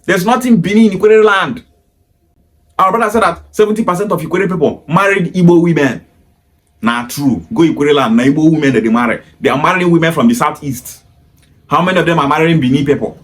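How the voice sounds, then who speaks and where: Nigerian guy w pidgin accent ranting fast, keeps repeating his point, kinda high voice. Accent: Nigerian Pidgin-inflected English. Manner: emphatic, repetitive, lecturing. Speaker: commentator. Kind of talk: opinion monologue.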